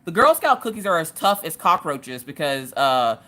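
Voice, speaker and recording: A livestream host chats casually with her audience while crafting on her couch at home, laughing often and greeting viewers by name. Her voice sits low, with a sing-song, sharp tone at normal speed.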